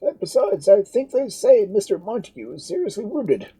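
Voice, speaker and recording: He is an earnest, proud old father who declaims praise in a raised, husky voice, as a man puts him on. His tone is dark and mellow, and his delivery is lively. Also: high-pitched, normal speed, voice pushed up, exaggerated voice, low-quality recording.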